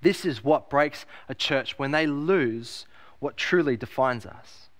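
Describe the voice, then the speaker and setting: A man's voice: medium pitch, slow. A man preaching a sermon as pastor, emphatic, repeating key phrases and asking rhetorical questions.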